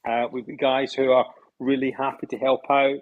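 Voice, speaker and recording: A man's voice: medium pitch, flat delivery, moderate pace, narrow, tinny audio. A man chatting casually on a podcast about running an event, often repeating himself as he starts sentences. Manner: rambling, repeats words when starting sentences. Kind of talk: casual chat.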